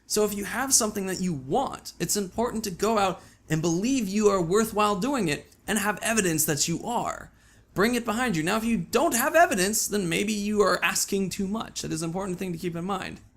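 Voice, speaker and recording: High, gravelly-voiced man vlogging casually. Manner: chatty, swearing, animated asides. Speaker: YouTube vlogger. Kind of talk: casual vlog talk.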